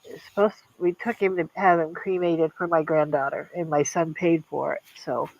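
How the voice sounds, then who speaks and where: Older woman, halting and grieving. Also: sits low, steady tone, gravelly, a little mellow, muffled recording. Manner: halting, grieving, many restarts. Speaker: guest. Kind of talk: casual chat.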